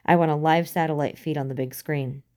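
A woman's voice: sits low, steady tone, a little fast, a little mellow, natural voice. A woman reading the part of a stern older male general who barks curt orders in a story. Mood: commanding.

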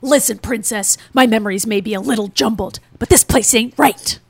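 A man voicing a gruff, scrappy male mutant brawler who talks in loud, slangy growls. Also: high voice, moderate pace, dry recording, pitched above the performer's own voice, full character voice. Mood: menacing.

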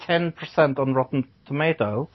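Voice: mid-range voice, normal speed, no echo. A podcast host chatting casually about movies, hesitant with many fillers. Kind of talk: casual chat. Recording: dull lo-fi, dry sound.

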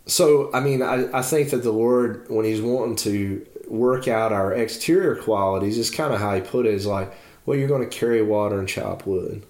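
A man's voice: on the low side, normal speed, a little mellow, reverberant. A man preaching a devotional sermon in an earnest, encouraging way.

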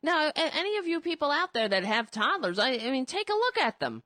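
A woman's voice: sits high, big pitch swings, brisk, a bit bright, no echo. A woman giving casual political commentary, indignant and sarcastic, rambling with frequent restarts. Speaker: commentary host.

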